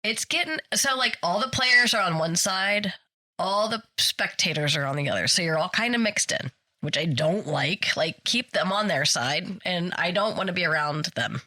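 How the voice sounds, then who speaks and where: A woman's voice: lowish voice, normal speed. A woman co-hosting a podcast, telling a story in casual chat and acting out the people she quotes. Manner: animated, acts out quoted yelling. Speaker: podcast co-host. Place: podcast studio.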